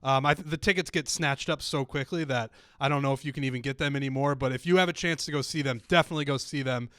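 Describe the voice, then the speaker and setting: A man's voice: medium pitch, fast, sharp tone, smooth, no echo, studio quality. A young man from Iowa, co-hosting a podcast in casual chat, earnest and a little self-deprecating. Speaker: podcast co-host.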